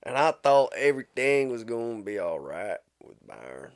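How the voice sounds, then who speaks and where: This is a folksy, drawling rural Southern man who rambles sheepishly, as a man puts him on for a laugh. The Southern accent is put on. His pitch rises and falls a lot. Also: very animated, normal speed.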